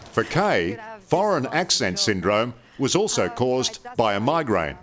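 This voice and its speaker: A man narrating a TV news story in a measured, scripted way. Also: mid-range voice, sing-song, noisy background. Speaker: reporter and narrator. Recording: narration over music.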